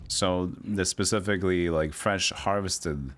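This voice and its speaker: A man's voice: sits low, a little slow, fairly bright tone. A young man chatting casually while streaming a video game and reading chat aloud. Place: home streaming setup. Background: game music.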